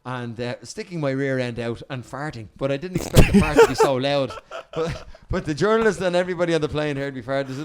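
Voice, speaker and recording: An Irish man, a podcast guest, telling a cheeky, lively anecdote and swearing freely as he goes. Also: medium pitch, quick pace, few pauses.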